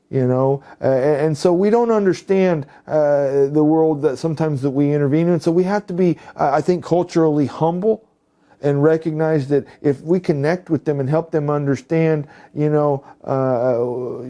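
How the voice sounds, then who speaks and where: A man delivering a recorded presentation to law enforcement officers. He speaks in a mellow, darker tone at a middling pitch. His delivery rambles, packed with fillers and stumbling restarts. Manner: rambling, heavy with "you know" and restarts. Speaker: presenter for a healing services group.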